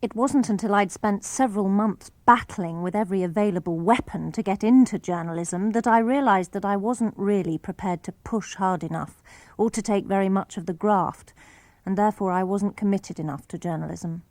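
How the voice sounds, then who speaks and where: A woman with a British accent reading memoir and diary entries aloud for radio, clear and wry. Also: mid-range voice, normal speed, darkish tone, no echo. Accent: British English.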